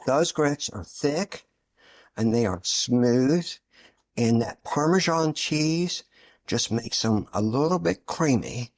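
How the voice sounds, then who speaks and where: A man's voice: medium pitch, lively intonation, slow pace. Middle-aged southern guy talking thru a breakfast recipe, folksy and chatty, regular mid voice. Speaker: cooking channel host. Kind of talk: casual cooking demonstration.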